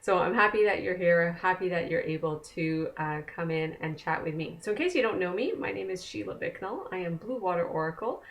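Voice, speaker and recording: A woman's voice: lowish voice, expressive, a little fast, few pauses. A woman oracle card reader, chatting casually and conversationally to the camera from a desk at home. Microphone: camera mic.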